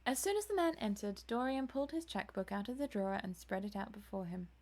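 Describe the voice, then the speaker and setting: A woman's voice: mid-range voice, expressive, quick pace, darkish tone. A woman reading a classic novel aloud with enthusiasm, adding self-deprecating asides. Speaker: audiobook reader, streamer.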